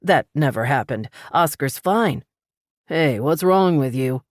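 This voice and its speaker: A woman's voice: low voice, animated, slow pace, no room sound, studio quality. A woman voicing a confused, nervous man who insists a dog is his, in an audiobook. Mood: defensive. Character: stubborn confused man defending a dog he claims.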